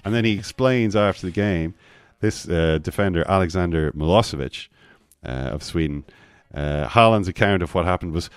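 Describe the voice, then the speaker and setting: A very low-pitched Irish man talks football in a loose, rambling way, full of restarts and playful quoting. The sound is dry and close to the mic. He leans into stories and drops into mock voices for the players he quotes. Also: normal speed, smooth, no room sound. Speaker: podcast host. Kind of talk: casual football chat.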